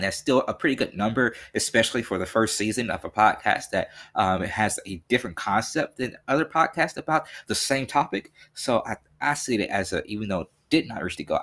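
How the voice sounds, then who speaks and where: A young man from Tennessee talks through his solo podcast with a fairly low voice. He rambles earnestly, circling back with ums and restarts as he explains things. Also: fairly bright tone. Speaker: podcast host.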